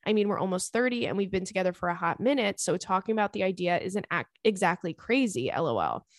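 Young woman podcast host, blunt and animated, casual swearing, dry close mic. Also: mid-range voice, fast, no echo. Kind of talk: casual podcast chat reading a listener letter.

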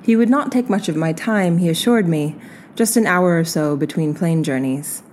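A woman reading a literary essay aloud in a slow, measured and reflective way. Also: fairly low pitch, darkish tone, a little hiss or hum. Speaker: reader.

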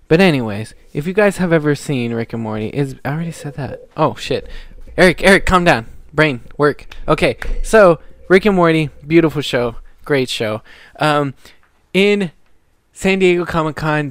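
A young man chats on a podcast, a little tipsy, and keeps losing his train of thought. His voice sits at a middling pitch. The sound is dry and close, with no room around it. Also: no room sound. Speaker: podcast co-host. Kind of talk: casual chat.

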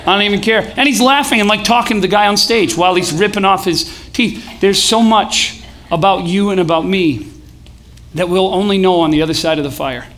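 Speaking a little fast in a voice that sits high, a young pastor addresses a live event-hall crowd in a casual, joking way. He leads the audience in call-and-response chants, working his way up to shouting.

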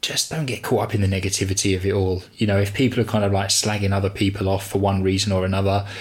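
A man's voice: deep voice, quick pace. A man co-hosting a podcast in casual, rambling chat. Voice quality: relaxed, rambling, many fillers. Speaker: podcast co-host.

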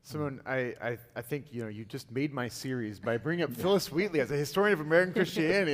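A panel moderator and historian wrapping up a discussion, with many restarts and quiet murmurs of agreement. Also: mid-range voice, quick pace, hardly any pauses. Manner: frequent murmured backchannels, warm hesitant restarts. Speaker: moderator and host of the series. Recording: long hall reverb.

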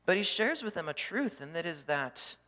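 A man preaching a sermon as pastor, animated, acting out the voices he quotes. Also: fairly high pitch, moderate pace. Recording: long hall reverb.

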